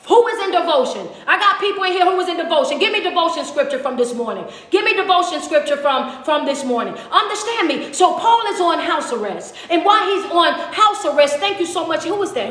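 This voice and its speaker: A woman's voice: high-pitched, fairly bright tone. A woman, preaching fervently in a repetitive call-and-response style to a live chat. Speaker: motivational speaker. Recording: echoey room with long reverb.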